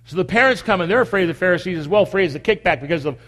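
Racing through a conversational sermon, a male pastor speaks in a high, expressive voice with a fairly bright tone. He stands at the communion table and repeats rhetorical questions throughout. The church sounds like a big hall, with a long echo.

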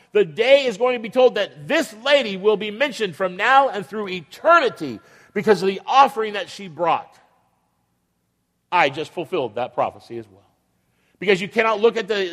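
A man preaches from the pulpit in a high, carrying voice. He leans on repetition and dramatic pauses and slips into the voices of the people in his story. The sound trails off into the long reverb of a church sanctuary. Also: a bit bright. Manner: acts out quoted voices of biblical figures. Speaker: pastor. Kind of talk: sermon.

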